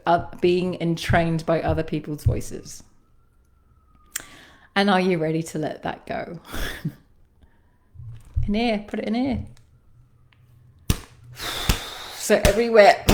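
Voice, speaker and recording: A woman who works as a sound healer and coach, giving a livestreamed guided self-reflection in a musing, halting way with sighs and laughs. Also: lowish voice, darkish tone.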